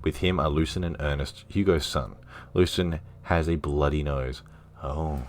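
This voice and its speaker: A man's voice: very deep voice, fairly even intonation, a little slow, a little mellow. A man casually playing a dating game on stream, reading the narration and dialogue aloud with jokey asides.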